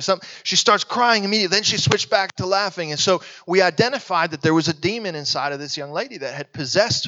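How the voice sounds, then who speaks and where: A man preaching a sermon, telling stories earnestly and sometimes dropping to a hushed, intense voice. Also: high voice, highs cut off.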